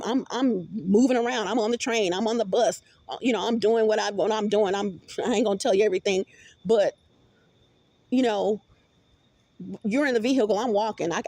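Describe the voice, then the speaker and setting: A woman's voice: mid-range voice, darkish tone, no room sound. A woman vlogger in a rambling, profane monologue with many restarts, recorded on a phone.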